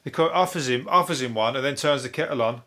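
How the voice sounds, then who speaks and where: A man's voice: mid-range voice, fast talker, fairly bright tone. A man, a comedian hosting a solo news review podcast, talking in a rambling, heavily sweary way and laughing at his own jokes. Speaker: podcast host.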